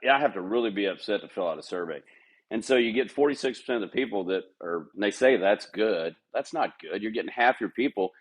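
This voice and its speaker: A man's voice: lowish voice, expressive, quick pace, husky. A middle-aged man talking candidly as a podcast guest, telling workplace stories and mimicking other people's voices. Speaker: golf club manager, podcast guest. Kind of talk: casual interview chat.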